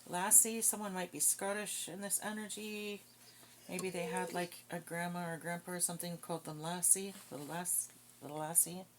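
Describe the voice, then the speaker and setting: A woman giving a casual psychic reading, thinking aloud in a slow, musing way. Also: fairly low pitch, level tone, a little hiss or hum. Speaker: psychic card reader.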